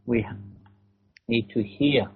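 A man giving a spiritual lecture in short measured phrases with rhetorical questions, pausing for an interpreter, on a dull lo-fi recording. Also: mid-range voice, faint music behind.

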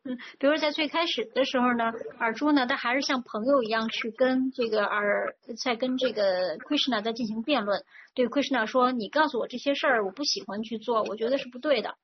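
A woman's voice: fairly high pitch, a little fast. A woman interpreting a religious talk phrase by phrase, fluent but with frequent fillers. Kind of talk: consecutive interpreting of a sermon. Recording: dull lo-fi recording with faint noise.

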